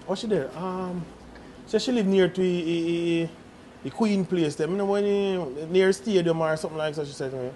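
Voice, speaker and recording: A man's voice: high voice, moderate pace, slight background noise. A young Jamaican man telling a loose, laughing story in patois. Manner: laughs often while telling, lively and loose.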